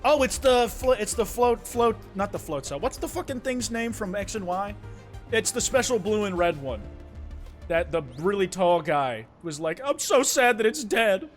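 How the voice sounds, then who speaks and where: A young man giving gameplay commentary, profane and sarcastic, with excitable asides. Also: high-pitched, moderate pace, faint music behind. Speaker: gaming YouTuber.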